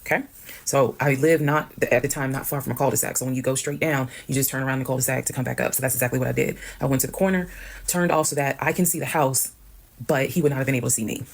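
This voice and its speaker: A woman telling a personal story in a casual storytime monologue, brisk and matter-of-fact, acting out the people she quotes. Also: very deep voice, steady tone, creaky. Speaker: storyteller recounting her own experience.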